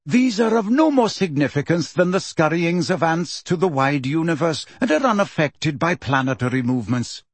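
A man reading a calm, aloof male centaur teacher in a slow, measured voice for an audiobook. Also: a little high, slightly rough, dry recording. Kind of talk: audiobook character voice.

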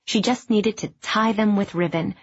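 A woman reading a novel aloud in scripted narration, even and measured. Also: medium pitch, slightly rough, no echo, lo-fi sound. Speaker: audiobook narrator.

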